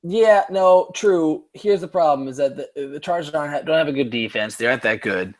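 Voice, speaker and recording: A man's voice: a little high, brisk. Rambling, tipsy man ranting about football. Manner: rambling, profane, many restarts. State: tipsy from drinking. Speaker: podcast co-host. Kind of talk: casual sports chat.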